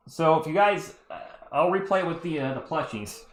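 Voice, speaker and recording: Fan streamer, male, voice going hoarse, lively swings in pitch; excitable play-by-play. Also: unhurried. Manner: excitable, ranting about referee calls. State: losing his voice. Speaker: live stream host.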